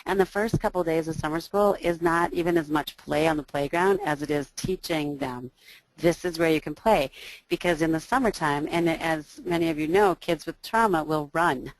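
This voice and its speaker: A woman, an early childhood teacher, giving a training talk to educators with a booming voice, listing strategies with frequent ums and you knows. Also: normal speed, hardly any pauses, no room sound, poor audio. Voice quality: loud, booming voice.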